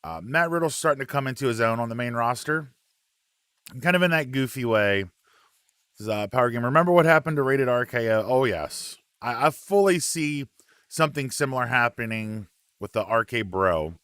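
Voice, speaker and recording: A man hosting a relaxed live wrestling chat, reading out viewer comments with plenty of ums and uhs. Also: mid-range voice, moderate pace, smooth, dry recording.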